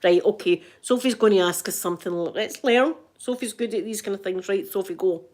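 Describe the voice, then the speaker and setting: A woman's voice: mid-range voice, a little fast. A Scottish woman hosting an ASMR livestream, chatting casually and acting out the people in her stories. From Scotland. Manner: animated, acts out the quoted people. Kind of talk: casual storytelling chat.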